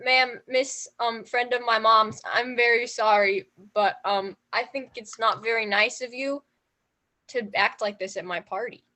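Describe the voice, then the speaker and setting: Improv: a woman doing a blunt little girl host, high and bright. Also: fairly even intonation, a little slow. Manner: blunt, childlike. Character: blunt little girl hosting her party. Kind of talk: improv comedy.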